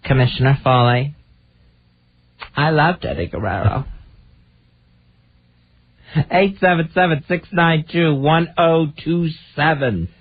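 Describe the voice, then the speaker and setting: Deadpan radio co-host, thin audio. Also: male voice, a little high, takes it slowly, pauses often, narrow, tinny audio. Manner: dry, deadpan. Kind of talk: talk radio banter.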